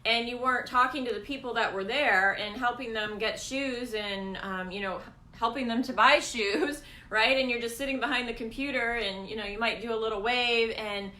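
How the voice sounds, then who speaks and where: A Canadian woman co-hosts a casual live business coaching chat. She tells animated stories full of acted-out quotes. Her voice sits high and bright, with a roomy echo around it. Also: normal speed, few pauses. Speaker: co-host.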